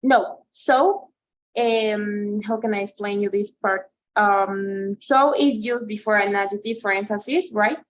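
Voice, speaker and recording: Slow-talking lady tutor, keeps asking "right?", kinda muffled call audio. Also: medium pitch. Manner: patient, explaining slowly with frequent "right?" and "okay?" checks. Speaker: English tutor. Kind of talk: online one-to-one lesson.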